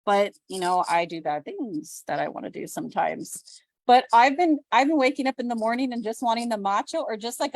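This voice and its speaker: A woman's voice: on the high side, a little fast, dry recording. A woman, a business owner and homeschooling mom, giving a chatty, self-deprecating testimonial on a video call. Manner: chatty, self-deprecating, animated quoted voices. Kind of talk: casual testimonial on a group call.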